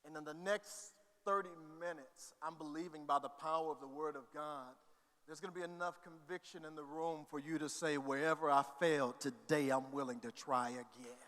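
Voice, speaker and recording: A male pastor, preaching a sermon that goes from quiet reading to shouting. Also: a little high, steady tone, moderate pace. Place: church hall. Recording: long reverb of a church hall.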